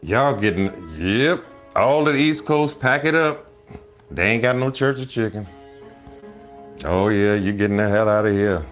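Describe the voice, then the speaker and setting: A man hosting a casual live stream, rambling loudly through jokes and teasing his viewers, often breaking into laughter. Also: lowish voice, measured pace, faint music behind. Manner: loud joking rambles, bursts of laughter, mock voices.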